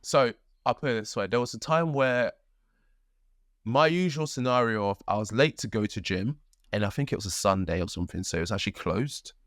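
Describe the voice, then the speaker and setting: A man's voice: fairly low pitch, a little fast, a bit bright, dry recording, studio quality. A young man, co-hosting a podcast, who talks earnestly and rambles, often tagging his points with "right?" and "like". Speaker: podcast co-host. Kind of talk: casual conversational storytelling.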